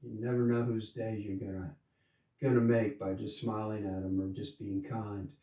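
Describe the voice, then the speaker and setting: With a low, mellow voice and flat delivery at a moderate pace, a coastal Georgia man shares an easygoing, folksy story, then sings a country song. He's a singer and storyteller, captured from afar in a roomy room alongside guitar music.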